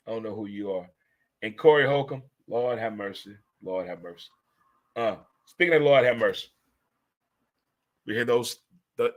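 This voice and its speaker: A man from St. Louis hosting a casual monologue, animated and preachy, swearing freely as he gives pep talks. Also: medium pitch. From St. Louis, USA. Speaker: host.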